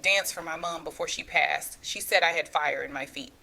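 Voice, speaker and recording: A woman reading the lines of a shy, earnest homeless boy in a storybook tale, hesitant and rough in his speech. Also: deep voice, normal speed, sharp tone, exaggerated voice. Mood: nervous. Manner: hesitant, rough street talk.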